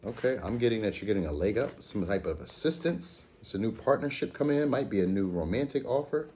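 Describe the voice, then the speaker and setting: A man's voice: fairly low pitch, lively intonation, quick pace, a little mellow, a little hiss or hum. A man hosting a casual pick-a-card tarot reading, chatty and laid-back with slangy talk, recording at home at night. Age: adult with a school-age daughter. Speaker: tarot reader, channel host.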